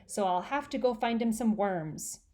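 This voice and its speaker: A woman's voice: mid-range voice, expressive, moderate pace, darkish tone, close to an everyday voice. A woman voicing an eager, stubborn little boy who pleads and whines to get his way in a storybook. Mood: eager pleading.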